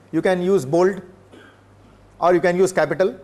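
An older man from India, giving a classroom lecture in a measured way, pausing often with filler sounds. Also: high voice, a little mellow. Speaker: professor. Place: lecture room.

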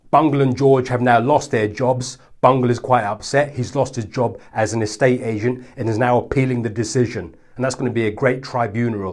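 A man doing stand-up comedy at a middling pitch, delivering his jokes with dry, mock-serious sarcasm. His tone stays pointedly ironic. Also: fairly even intonation, fairly quick, hardly any pauses.

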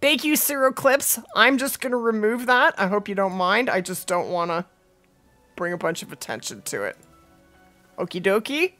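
Lively chatty woman streaming a game. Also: medium pitch, normal speed, soft background music. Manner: chatty, talks to viewers and her cat, laughs easily. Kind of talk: casual live-stream chat over gameplay. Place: at home.

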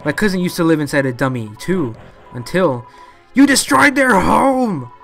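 A man voicing a furious ghost that lives inside a training dummy, ranting and shouting insults in a video game. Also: high voice, sing-song, normal speed, vocal fry, soft background music, full character voice. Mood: angry.

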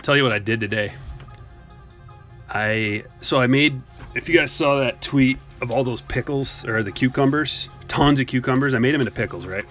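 A man's voice: medium pitch, a bit bright. Man, casual live-stream chatter, jokey, answers chat, faint music behind. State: a little out of breath. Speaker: card break streamer.

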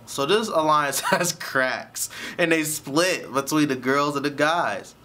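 A man's voice: fairly high pitch, takes it slowly, bright, forceful tone. A man giving a casual, chatty recap of a TV episode, often laughing as he tells it. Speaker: show reviewer.

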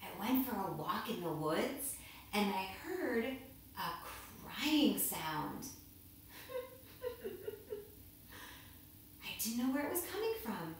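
Animated woman telling a kids' story. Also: mid-range voice, measured pace, a little hiss or hum. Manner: animated, expressive, playful. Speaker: children's yoga teacher. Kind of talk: storytelling for young children. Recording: echoey room, mic far off.

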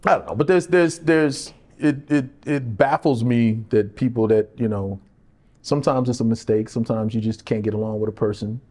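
A middle-aged actor tells stories in a candid interview, animated and laughing often, acting out other people's lines in their voices. His voice is mid-range at a moderate pace.

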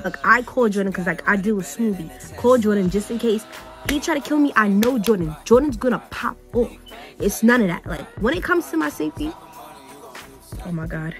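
A woman's voice: mid-range voice, moderate pace, pauses often, soft background music. A young adult woman vlogger telling a dramatic storytime while getting ready, casual and slangy, acting out the people she quotes. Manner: animated, dramatic retelling with quoted voices.

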